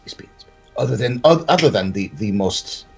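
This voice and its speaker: A man playing a tabletop game in character, talking haltingly with many restarts. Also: mid-range voice, lively intonation, vocal fry, a little mellow, husky, lo-fi sound, soft background music. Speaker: player.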